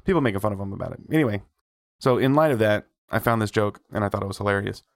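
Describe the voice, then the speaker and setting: A man co-hosting a gaming podcast, chatting casually and telling stories with lively acted-out quotes. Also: fairly low pitch, racing, no echo, studio quality. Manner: animated storyteller who acts out quotes. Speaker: podcast co-host. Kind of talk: casual chat.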